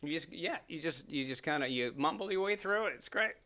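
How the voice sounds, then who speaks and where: A middle-aged Canadian man chats casually as a podcast guest, a joking storyteller who mimics voices and laughs frequently. His voice sits on the high side, pushed and bright, brisk with lively intonation.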